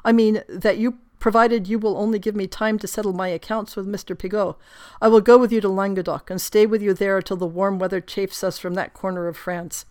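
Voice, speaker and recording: An ardent, devoted young French noblewoman, as a woman reads her aloud. She speaks in earnest, formal sentences at a middling pitch, the way a period novel is read aloud. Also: fairly even intonation, brisk, darkish tone, dry recording, clean studio sound, natural voice.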